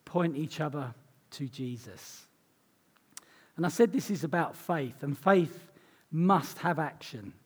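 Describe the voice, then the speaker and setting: A man preaching a sermon in an earnest, conversational way, his voice hoarse and croaky. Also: a little high. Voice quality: husky, croaky.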